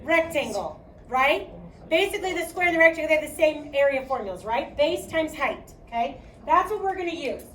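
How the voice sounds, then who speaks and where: A woman's voice: sits high, animated, a little fast, a bit bright, a little hiss or hum. Projecting Chicago-accented woman teaching math. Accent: Midwestern American, Chicago. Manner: chatty, projecting, asks okay often. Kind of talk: classroom lecture. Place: classroom. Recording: echoey classroom from far off.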